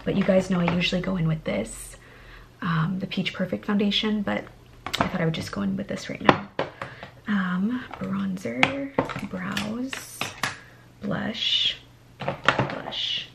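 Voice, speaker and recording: Young woman vlogger, soft half-whisper. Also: a little slow, vocal fry, heavy background noise. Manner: high sing-song baby talk to infants. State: sleep-deprived. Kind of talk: casual vlog. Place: at home.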